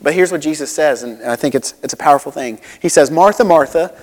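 A man's voice: on the high side, quick pace, long reverb tail. A man preaching a sermon as a pastor, conversational and relatable, with frequent asides and restarts.

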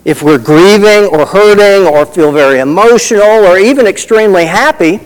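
A man's voice: high voice, moderate pace, long reverb tail, poor audio. A middle-aged man preaching a sermon in a folksy, conversational way, telling personal stories with asides. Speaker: pastor.

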